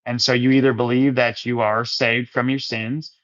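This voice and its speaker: A man's voice: medium pitch, little pitch movement, moderate pace, fairly bright tone. A man hosting a casual Christian livestream chat, answering viewer comments in a rambling, easygoing way and calling listeners his friends and brothers. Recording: dull lo-fi sound.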